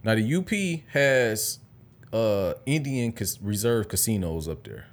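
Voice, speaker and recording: A man's voice: on the low side, animated, unhurried. A young man from Detroit in casual podcast chat, laid-back and slangy, laughing often. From Detroit, Michigan.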